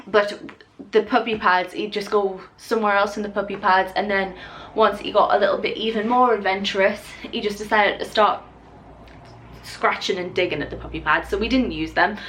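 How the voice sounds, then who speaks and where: A young woman vlogs casually to camera in her home living room, rambling and occasionally breaking off to talk to her puppy. Her voice is medium-pitched and fairly bright, with fairly even intonation, a moderate pace, and a little hiss or hum.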